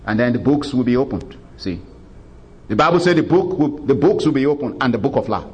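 A man's voice: medium pitch, animated, a little fast, slightly rough, lo-fi sound. A man preaching a sermon who retells scripture in a folksy way, with chuckles and frequent "you know" asides.

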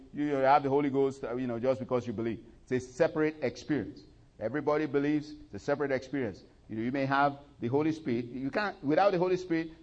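A male preacher delivering a sermon, leading the congregation in recitation and prayer, his voice rising loud and high on scripture and falling low and quiet in between. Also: lo-fi sound. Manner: swells loud and high when reciting scripture, drops low and soft in asides; leads congregation in call-and-response and prayer.

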